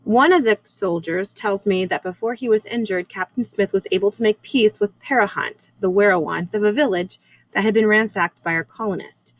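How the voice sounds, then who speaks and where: A woman teacher reads a chapter book aloud to her class. Her reading is measured and unhurried, with now and then a small slip. Her voice sits at a middling pitch. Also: rough recording.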